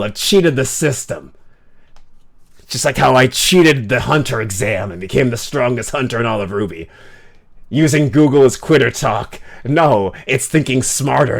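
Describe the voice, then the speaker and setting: A game streamer with a mid-range, creaky voice chats loosely with his audience, poking fun at himself, fumbling foreign words and staging theatrical fake outbursts while responding to viewers.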